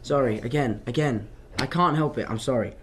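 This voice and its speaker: A man's voice: mid-range voice, fairly quick, a bit bright, a little hiss or hum. A young man with an English accent, an actor chatting cheekily in press interviews and often apologising.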